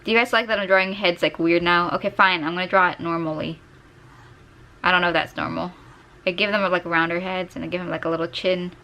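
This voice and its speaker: A woman's voice: fairly low pitch, steady tone, fast talker, pushed and bright. A young woman vlogging casually while she draws, chatty and giggly, gushing over her favorite characters, recorded on a desk microphone. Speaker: art vlogger. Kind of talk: casual chat while drawing. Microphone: desk USB microphone.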